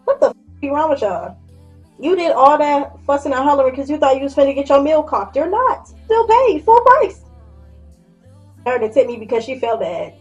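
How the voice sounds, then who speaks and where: A woman in her twenties telling a story in a casual vlog, blunt and profane, with lively acted-out quotes. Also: high-pitched, quick pace, lo-fi sound, soft background music. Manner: blunt, profane, animated quoting. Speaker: vlogger.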